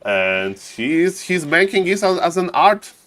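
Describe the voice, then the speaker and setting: A man who is not a native English speaker, casting a game live on stream in a showy way, chatting with viewers and greeting them warmly. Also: high voice, sing-song, measured pace. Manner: showman-like, keeps repeating "ladies and gentlemen". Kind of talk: live esports commentary.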